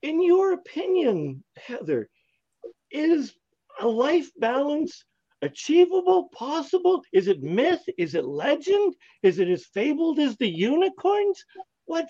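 A man from Canada hosting a live online talk show, upbeat and joking, excitable as he welcomes his co-host and guest. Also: very high voice, a little slow, no room sound, lo-fi sound.

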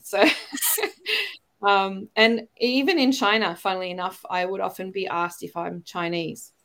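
Guesting on a podcast, a middle-aged Australian woman chats in a rambling, casual interview, with small laughs between phrases. She speaks at a measured pace in a medium, fairly bright voice with fairly even intonation.

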